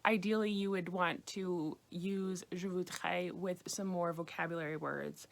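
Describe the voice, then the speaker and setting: An American woman teaching beginners a language lesson, patiently repeating phrases slowly. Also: on the low side, fairly even intonation, gravelly. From United States. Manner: patient, slow repetition of phrases. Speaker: French teacher.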